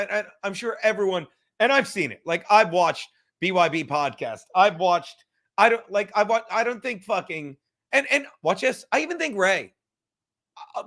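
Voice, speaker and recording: A man's voice: high-pitched, gravelly, fairly bright tone. A man in his fifties hosting a casual livestream from home, rambling and swearing, laughing often and sometimes dropping to a whisper. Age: 50s. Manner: rambling, profane, laughing, drinking while talking; drops to a whisper at times. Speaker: livestream host.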